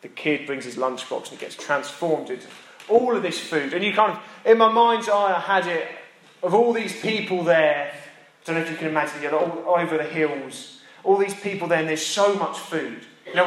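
A man's voice: fairly high pitch, moderate pace, fairly bright tone. A man preaching a sermon in a chatty, self-deprecating way that builds to emphatic repetition, recorded in a church. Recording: roomy echo.

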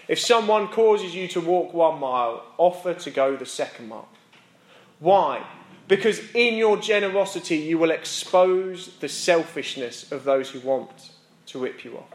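British male pastor, conversational sermon delivery, lightly raised pitch, reverberant church room. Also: lively intonation, a little slow. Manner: conversational preaching with asides and self-mocking laughs.

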